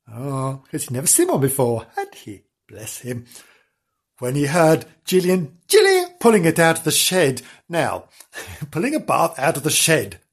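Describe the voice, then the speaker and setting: A man's voice: fairly high pitch, husky. A man reading a comic animal story aloud, breaking off into playful, giggly asides to the listener.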